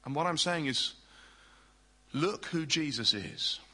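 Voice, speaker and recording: A man preaching a sermon in an earnest way, often dropping to soft, hushed tones. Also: on the high side, animated, slow, slightly rough, low-quality recording.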